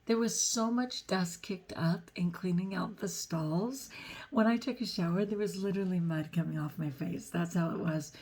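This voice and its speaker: A woman's voice: lowish voice, normal speed, darkish tone, slightly rough. A middle-aged woman talking through a personal vlog in a chatty, self-deprecating and earnest way, often laughing between thoughts. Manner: earnest, faith-filled reflection. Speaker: vlogger.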